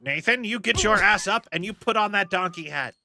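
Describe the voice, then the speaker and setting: A man's voice: sits high, expressive, brisk, sharp tone, a little hiss or hum. A young man streaming a game, chatting casually in rambling tangents and swearing at his mistakes from his home setup.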